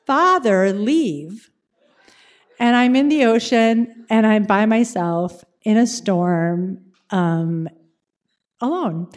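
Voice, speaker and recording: Woman storyteller, dramatic and wry, higher-pitched voice, holds suspense. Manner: animated, dramatic, wry asides. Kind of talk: personal storytelling.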